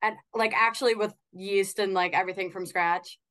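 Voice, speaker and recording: A woman's voice: medium pitch, fairly even intonation, normal speed, a bit bright. A young woman with a Minnesotan accent, a podcast guest chatting casually and laughing easily. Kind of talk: casual chat.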